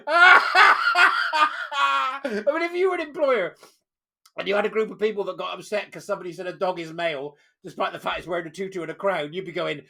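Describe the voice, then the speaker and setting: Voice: medium pitch, animated, moderate pace, vocal fry, bright, forceful tone. A vlogger mocking a news story, reading out quotes, scornful and laughing often. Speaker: commentary vlogger.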